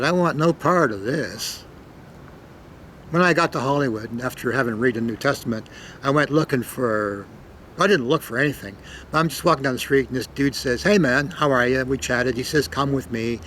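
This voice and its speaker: An older Canadian man talks in a loose, meandering monologue at a middle pitch. He swears casually and hits some words suddenly and loudly. A faint hum of ambient noise sits behind him. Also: poor audio. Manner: rambling, profane, leans on "man" and sudden loud emphasis. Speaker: storyteller.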